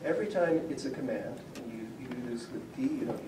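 Speaking fairly quickly in an expressive mid-range voice, a male Slavic linguistics professor explains ideas in a conversational public lecture and reads out example words. The civic centre lecture room sounds echoey, his voice comes from far off, and there's a faint hum.

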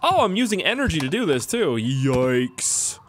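A man's voice: on the high side, very animated, measured pace, a little hiss or hum. Chatty young Canadian man gaming. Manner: chatty, joking, self-mocking asides. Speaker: gaming YouTuber. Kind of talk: let's play commentary.

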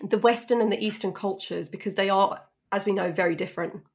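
A woman's voice: mid-range voice, a little fast. A woman hosting a casual podcast interview and asking probing follow-up questions. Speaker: podcast host.

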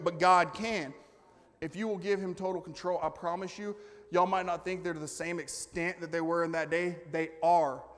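A man preaching a sermon in a slightly high voice. He climbs into loud, excited bursts and then drops to quiet, wry asides. A long church reverb hangs on every line. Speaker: pastor. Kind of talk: energetic sermon. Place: church sanctuary.

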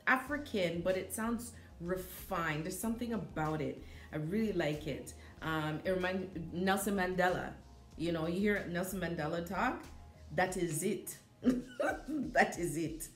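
A woman giving a casual spoken movie review in an animated, chatty way, with fillers and self-corrections. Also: lowish voice. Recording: echoey room with faint background music.

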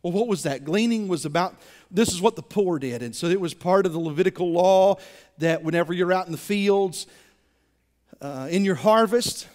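A male pastor preaching a sermon, animated, repeating words as he builds to his points. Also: sits high, moderate pace. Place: church sanctuary. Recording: reverberant church sanctuary.

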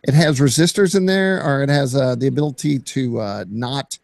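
A man with a gravelly edge to his voice co-hosts a relaxed hobby chat. His talk is enthusiastic as he narrates his own video clips, and the sound is dry and close. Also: mid-range voice, normal speed, no room sound. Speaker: co-host. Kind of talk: casual chat.

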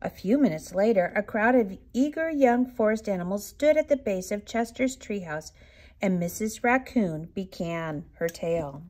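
A woman reading a children's picture book aloud in an expressive, lilting way. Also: mid-range voice, moderate pace. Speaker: storybook reader. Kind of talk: children's storybook read-aloud.

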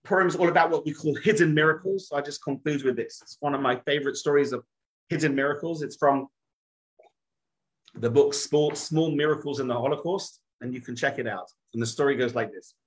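A man's voice: fairly high pitch, brisk, poor audio. A middle-aged man, a rabbi, telling a story in a talk with dramatic shifts of voice.

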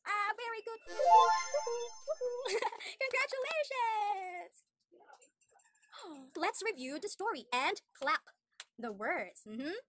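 A woman's voice: very high-pitched, lively intonation, takes it slowly, fairly bright tone, dry recording, faint music behind. A young woman giving an online demo English lesson to a young child, with exaggerated sing-song praise and frequent laughs. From Philippines.

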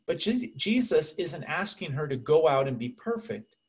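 A man's voice: fairly high pitch, big pitch swings, normal speed, darkish tone. A man preaching a sermon as pastor, earnest and conversational, speaking to the congregation as friends.

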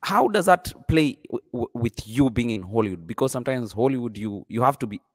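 A man's voice: medium pitch, expressive, brisk, dry recording. A man hosting an interview, asking hesitant questions with many fillers. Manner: hesitant questions full of fillers, frequent backchannel. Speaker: interview host. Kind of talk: conversational interview.

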